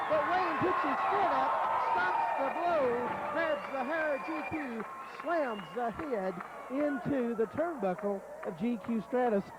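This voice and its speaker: A man calling a wrestling match play by play in a folksy, excited way. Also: very high-pitched, noisy background. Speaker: wrestling commentator. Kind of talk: play-by-play commentary.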